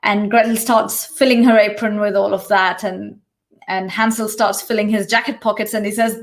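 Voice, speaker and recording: Hosting an online workshop, a woman with a mid-range voice recounts a fairy tale casually at normal speed, frequently asking "right?" and dropping in "you know" to keep listeners with her.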